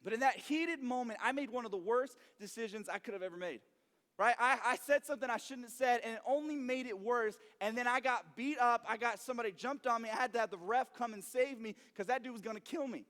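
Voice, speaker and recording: A young man preaching to a youth group, lively and animated, who acts out every character in his story. His voice sits very high for a man. It rings with a long reverb from a large hall. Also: fast. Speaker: youth pastor.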